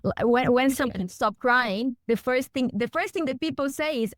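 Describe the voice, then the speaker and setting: A woman's voice: high-pitched, normal speed, hardly any pauses, no echo. Earnest woman guest, emphatic delivery. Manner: emphatic, earnest, building through repeated phrases. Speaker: podcast guest. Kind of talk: heartfelt conversational podcast talk.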